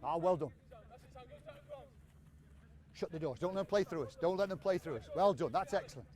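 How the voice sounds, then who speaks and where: A man with a raised, high-pitched voice coaches players on an outdoor football pitch. He calls out brisk, encouraging commands and explains the drill as it runs. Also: lively intonation, a little mellow.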